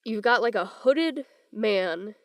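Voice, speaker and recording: Young woman, podcast co-host, animated casual storyteller who quotes people in character, close dry mic. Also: mid-range voice, slow pace, no echo.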